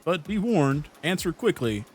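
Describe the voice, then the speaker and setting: A man's voice: on the high side, big pitch swings, measured pace, slightly rough, soft background music. A young man hosting a let's play, reading the game's text aloud with jokes and laughing often. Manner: playful, laughs between lines.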